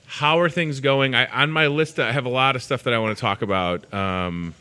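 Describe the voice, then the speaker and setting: A man's voice: mid-range voice, normal speed, bright, forceful tone, smooth. A man hosting a live in-store show, chatting casually in a jokey, rambling, self-deprecating way. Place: inside a grocery store.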